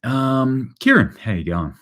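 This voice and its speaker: A man's voice: mid-range voice, sing-song, measured pace, a bit bright. A man hosting a rambling, sardonic live news commentary, often restarting his phrases as he reads chat. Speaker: host.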